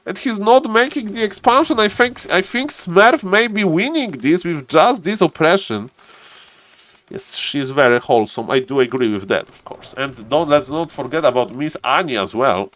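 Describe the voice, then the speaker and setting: A man with a noticeable non-native English accent casts a strategy game live, his voice sitting slightly high. He chats with viewers, keeps saying "ladies and gentlemen", and gets more excited over key plays. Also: moderate pace, no room sound. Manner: chatty, greets chat viewers, repeats "ladies and gentlemen". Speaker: game caster and streamer.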